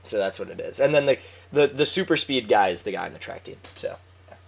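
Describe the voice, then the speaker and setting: A man's voice: lowish voice, expressive, quick pace, creaky. A man chatting casually with a friend, rambling and swearing with lots of fillers. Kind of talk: casual chat.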